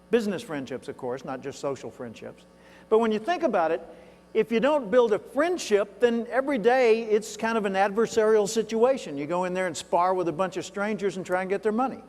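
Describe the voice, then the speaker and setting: Southern guy from arkansas giving a keynote, folksy storyteller, kinda high voice, long hall echo. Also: darkish tone. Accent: Southern US, toned down. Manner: folksy storytelling, conversational asides to the audience. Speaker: keynote speaker. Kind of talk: conference keynote speech. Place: large hall. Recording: reverberant hall, live event.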